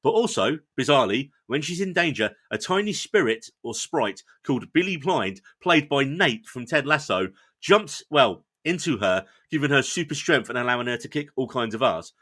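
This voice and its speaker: An enthusiastic male podcast host with a bright voice, talking through a show he enjoyed in easy, chatty review mode. He is playful and quick to poke fun at himself. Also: mid-range voice, very animated. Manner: enthusiastic, chatty, self-deprecating. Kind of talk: casual review chat.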